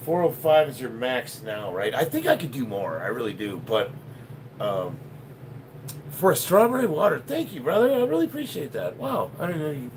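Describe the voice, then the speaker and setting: A man in his fifties from Chicago, talking on a live workout stream. His pitch swings around a lot as he jokes, swears and laughs through viewer comments. A faint hum of noise sits under his voice. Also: big pitch swings, moderate pace, rough recording. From Chicago, United States. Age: 50s. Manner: profane, joking, laughs often. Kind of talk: casual live-stream chat reading comments.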